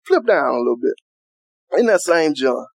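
A man's voice: a little high, sing-song, moderate pace, creaky, no echo. A man preaching a sermon in a loose, conversational style, reading scripture and retelling it in everyday Southern vernacular.

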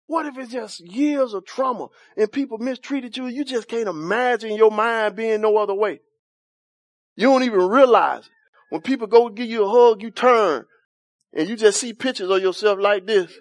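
With a high voice at a moderate pace and no room sound, a man preaches to his congregation. He questions and banters with them in folksy church vernacular, laughing often.

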